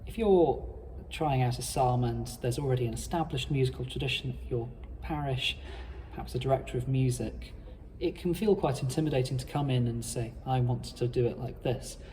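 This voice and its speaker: Measured man teaching in an echoing space. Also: medium pitch, warm tone, slight background noise. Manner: measured, explanatory, formal phrasing. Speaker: cantor and psalm teacher. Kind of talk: instructional talk. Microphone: playing his own accompaniment.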